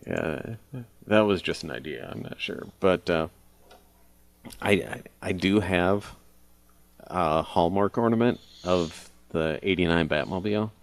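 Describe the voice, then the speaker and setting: A middle-aged man with a very low, gravelly voice, spinning a rambling story in casual podcast chat. He laughs often between his lines. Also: measured pace. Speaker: podcast co-host.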